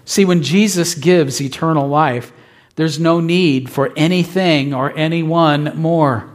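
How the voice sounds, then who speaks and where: A man's voice: fairly high pitch, slow pace. A male pastor preaching a sermon with emphatic repetition, often checking in with his listeners. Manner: emphatic, asks the congregation "right?".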